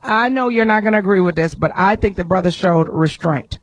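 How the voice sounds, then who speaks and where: A woman hosting a radio talk show, bantering and laughing loudly with her co-hosts in a studio. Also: mid-range voice, fast talker. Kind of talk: loud, joking radio talk.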